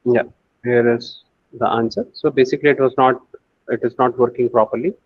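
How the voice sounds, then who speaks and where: A man's voice: mid-range voice, steady tone, a little fast, slightly rough, no echo, highs cut off. Man thinking aloud in a coding lesson. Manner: thinks aloud, many fillers and restarts. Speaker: AI course instructor. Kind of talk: screen-share coding tutorial.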